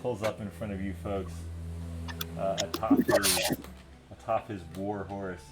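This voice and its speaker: A young man narrating a tabletop game as game master, relaxed and halting. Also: on the low side, heavy background noise.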